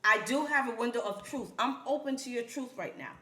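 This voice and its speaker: A woman's voice: on the high side, animated, a little fast, bright, forceful tone. A woman co-hosting a casual podcast chat, emphatic and repeating her points, laughing now and then. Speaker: podcast co-host. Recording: echoey room.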